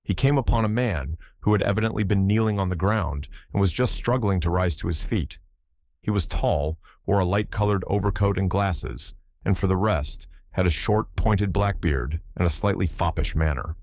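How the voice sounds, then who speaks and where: A man narrating an audiobook in a measured, even scripted reading, recorded close to the mic. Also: low voice, no echo.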